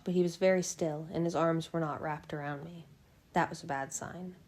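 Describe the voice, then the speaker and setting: A woman narrating a novel in the first person with a low, mellow voice. Her reading is steady and unhurried, and the tone stays soft and rounded throughout. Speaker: fan audiobook reader.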